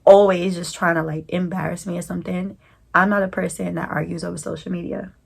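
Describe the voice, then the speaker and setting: Gravelly New woman telling a story. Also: on the low side, a little fast. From New York. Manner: animated, slangy storytelling. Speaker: vlogger. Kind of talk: storytime vlog.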